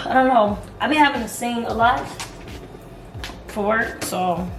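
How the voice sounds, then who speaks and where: Woman, hoarse, chatty vlogger, slightly high voice, roomy echo. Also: measured pace, far from the mic. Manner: chatty, keeps calling the viewer "girl" and "y'all". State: hoarse from singing. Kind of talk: casual chat to camera. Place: home apartment, kitchen and bathroom. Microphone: camera on a tripod. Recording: echoey room with music behind.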